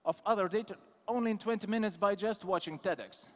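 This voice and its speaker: Talking fast in a high-pitched voice, a Lithuanian man with an Eastern European accent gives a live talk and teases and calls out the audience. He's a conference speaker in a large hall, and the recording has a long reverb.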